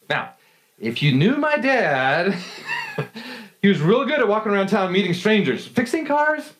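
Man preaching a story-filled sermon. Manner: storytelling with frequent laughs and lively pitch swings. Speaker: pastor.

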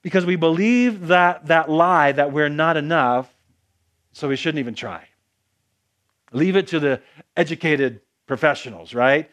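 A man's voice: on the high side, measured pace, fairly bright tone. A man preaching a conversational sermon, with frequent restarts and casual asides to the congregation.

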